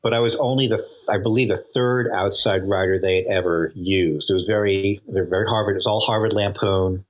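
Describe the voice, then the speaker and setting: A man's voice: lowish voice, fairly even intonation, a little fast, few pauses. An older man, a TV comedy writer, telling stories in a casual interview, chatty and laughing often. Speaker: guest, TV comedy writer and producer.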